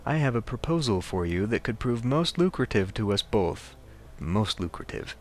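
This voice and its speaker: A man reading as a flowery, flattering male fixer. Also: lowish voice, normal speed. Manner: ornate, flattering speech. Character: smooth flattering male fixer, formal and greedy.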